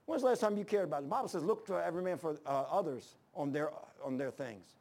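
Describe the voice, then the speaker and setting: High-voiced preacher, impassioned. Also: male voice, animated, fast talker, darkish tone. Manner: impassioned, folksy storytelling with restarts. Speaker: pastor. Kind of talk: sermon.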